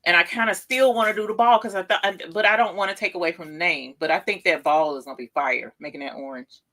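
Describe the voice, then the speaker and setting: A woman in her forties hosting a casual craft live stream, gushing and exclaiming excitedly and talking straight to her viewers. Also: fairly low pitch, fast. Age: 40s. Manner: talks straight to viewers as "y'all". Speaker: craft show host.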